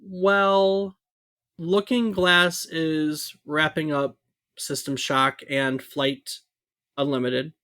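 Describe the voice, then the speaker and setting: A man co-hosting a podcast in a loose, conversational way, sprinkling in fillers and asides. His voice sits a little high, and the recording is dry and close with no room sound. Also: little pitch movement, very slow, pushed and bright, smooth, dry recording. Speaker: podcast co-host. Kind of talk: casual podcast history talk.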